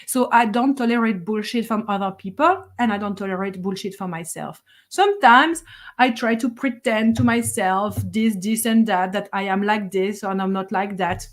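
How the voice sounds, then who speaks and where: A middle-aged woman, a spiritual teacher, giving a blunt, fiery motivational monologue, swearing for emphasis and laughing between points. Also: fairly high pitch.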